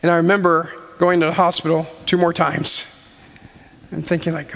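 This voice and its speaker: Man, 40s, earnest testimony speaker, measured pauses, fry in the voice. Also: on the high side, level tone, a bit bright. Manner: earnest, slow storytelling with pauses. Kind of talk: sermon-style personal testimony. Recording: long hall reverb.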